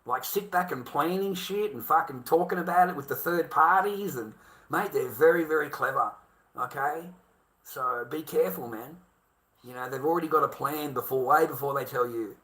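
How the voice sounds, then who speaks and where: A man's voice: a little high, moderate pace, pushed and bright. Crude Australian man ranting. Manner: crude, swearing, repetitive, keeps saying mate. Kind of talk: casual rant.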